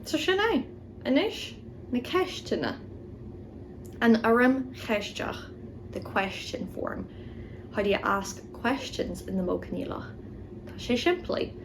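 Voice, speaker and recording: A woman teaching grammar, explaining rules and slowly saying each example word twice for the listener to repeat. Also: fairly high pitch, sing-song, background noise. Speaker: Irish language teacher. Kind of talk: explaining grammar and modeling pronunciation.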